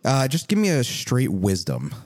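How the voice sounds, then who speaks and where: A man's voice: mid-range voice, huge pitch swings, moderate pace, a little mellow. A man narrating as game master in a tabletop game, joking and rambling with restarts.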